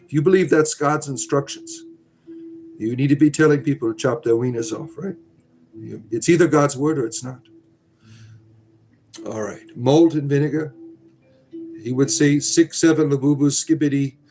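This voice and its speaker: A man's voice: medium pitch, darkish tone. A middle-aged man hosting a casual livestream, reading chat aloud in a rambling, sardonic, irreverent way.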